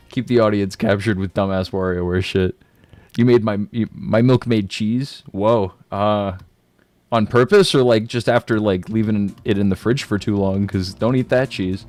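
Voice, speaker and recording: A man's voice: on the low side, steady tone, unhurried, a little mellow, no echo, soft background music. A man streaming a game and chatting casually, laid-back and slangy, joking at his own expense and laughing often.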